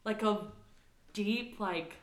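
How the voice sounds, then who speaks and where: A young woman co-hosting a casual podcast, telling stories in a chatty, animated way with lots of "like". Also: medium pitch, takes it slowly, reverberant. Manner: chatty, animated storytelling with frequent "like". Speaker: podcast co-host.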